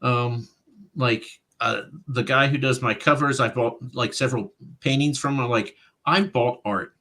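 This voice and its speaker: A man, an author, chatting as a guest in an interview, animated and quoting his own past thoughts aloud with frequent laughter. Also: medium pitch, measured pace. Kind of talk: casual interview chat.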